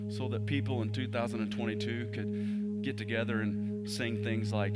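A pastor delivering a sermon in a church, moving from quick urgent lines to slow hushed emphasis. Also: male voice, mid-range voice, fairly even intonation, loud music behind the voice. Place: church sanctuary.

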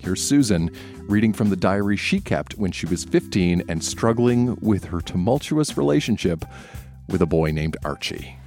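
A man hosts a live storytelling show, introducing the next reader in a calm, reflective tone. His voice sits very low, with faint music playing behind it. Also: moderate pace. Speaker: host.

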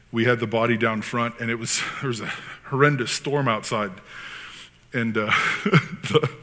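Bright-voiced male preacher in a reverberant hall. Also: medium pitch. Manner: animated, conversational preaching with frequent asides. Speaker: pastor. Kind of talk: sermon.

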